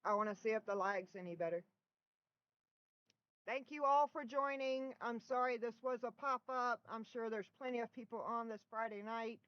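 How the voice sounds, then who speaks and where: A woman's voice: a little high, normal speed, smooth, no room sound, highs cut off. A middle-aged woman hosting a casual live stream from home, chatting with viewers and often breaking into laughter, recorded on a laptop mic. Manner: giggly, bursts of laughter. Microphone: built-in laptop microphone.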